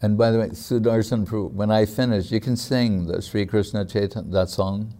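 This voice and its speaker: A man giving a devotional discourse, telling stories in a reflective, halting way with frequent fillers. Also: on the low side, steady tone, warm tone. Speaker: spiritual teacher.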